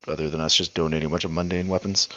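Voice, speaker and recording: A man's voice: extremely low pitch, little pitch movement, rapid-fire, sharp tone, muffled recording. A man playing a tabletop game, arguing his case to the game master. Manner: argumentative, defends the party. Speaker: player. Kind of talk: casual chat at a game table.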